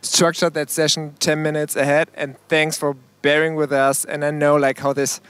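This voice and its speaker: A man co-hosting a conference workshop in a relaxed, joking, casual way. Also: on the high side, moderate pace, hardly any pauses, clean tone, no echo. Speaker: co-host of the session.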